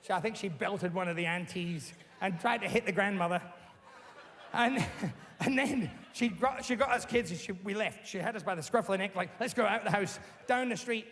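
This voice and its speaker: High-voiced man telling stories. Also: moderate pace, slight background noise. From Australia. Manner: animated, blunt, swears freely. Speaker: interviewee. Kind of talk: casual storytelling.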